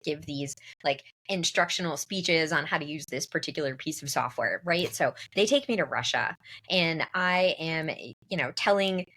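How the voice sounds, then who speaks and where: A woman co-host spinning a funny anecdote, animated and lively as she acts out quoted lines. Her voice sits a little low for a woman. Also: normal speed. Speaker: podcast co-host. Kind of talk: casual storytelling.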